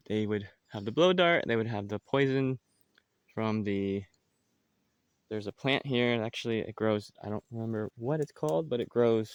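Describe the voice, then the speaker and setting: A man's voice: lowish voice, clear, resonant tone. A man giving a casual outdoor tour of his farm, talking loosely with many fillers and restarts. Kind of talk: casual walking tour narration.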